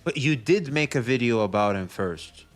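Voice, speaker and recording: A man's voice: mid-range voice, lively intonation, normal speed, soft background music. A man reacting to a clip and talking to his chat, dry and mocking. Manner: sarcastic, mocking. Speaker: commentary YouTuber. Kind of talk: reaction commentary.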